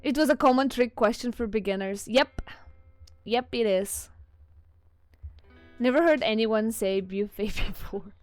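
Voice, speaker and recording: A woman's voice: a little high, unhurried, long pauses, no echo. A woman streamer with a non-native English accent, chatting casually with her viewers, giggling often as she reads chat. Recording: faint music behind.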